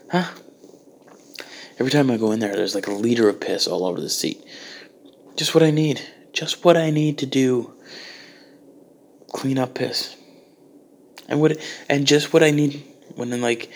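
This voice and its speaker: A man's voice: medium pitch, creaky. A man delivering a profane, exasperated comedic rant. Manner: ranting, exasperated, heavy swearing.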